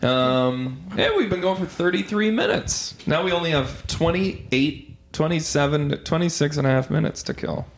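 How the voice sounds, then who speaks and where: Animated man hosting a jokey podcast. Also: a little high, normal speed, gravelly, roomy sound, slight background noise. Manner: jokey, animated, slips into silly impressions. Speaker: podcast host. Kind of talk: casual podcast banter.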